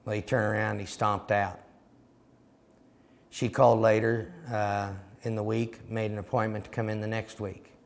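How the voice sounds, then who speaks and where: A man delivers a storytelling sermon in a low, gravelly voice. He is emphatic and direct, like a seminar teacher speaking plainly to his listeners. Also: level tone, normal speed. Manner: recounts dialogue, emphatic and direct.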